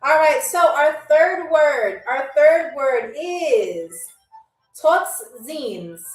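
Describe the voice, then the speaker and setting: A woman's voice: high voice, expressive, extremely slow. A woman hosting a live-stream trivia game show, chatty and upbeat, stretching out words as she teaches them. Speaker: livestream game show host. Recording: roomy, slightly distant mic with faint music.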